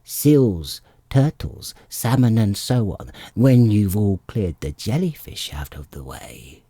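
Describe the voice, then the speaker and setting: The Mock Turtle, a man doing a sad slow creature. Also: fairly low pitch, sing-song, dark tone, breathy edge, no echo, exaggerated voice. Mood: excited. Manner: slow, mournful, sing-song.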